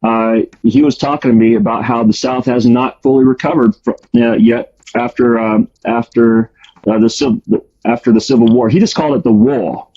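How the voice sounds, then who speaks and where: A man's voice: medium pitch, steady tone, moderate pace, warm tone. A man casually telling a story about his past, with a rambling delivery full of fillers and restarts. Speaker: guest storyteller. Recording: dull lo-fi audio.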